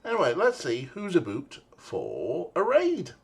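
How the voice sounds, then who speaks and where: A man's voice: on the high side, wildly swooping pitch, unhurried, vocal fry, breathy edge. A man streaming a game, chatting casually and rambling, with frequent fillers and the odd swear word. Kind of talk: casual livestream chat.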